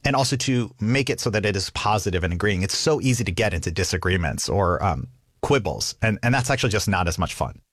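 A man's voice: fairly low pitch, fast talker, no echo, clean studio sound. A man who is a comedian, answering interview questions with lots of laughter and acting out quoted lines. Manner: animated, laughs often, acts out quoted lines. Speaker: comedian guest.

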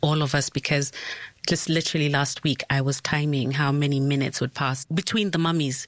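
A woman hosting an interview, asking gentle questions and reflecting with empathy. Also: sits low, steady tone, fairly quick, no echo. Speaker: interviewer, host.

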